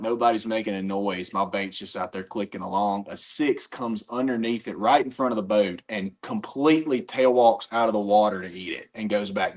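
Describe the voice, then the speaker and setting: A young man, a pro angler, telling a story in an excited, fast-moving way during casual chat. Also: medium pitch.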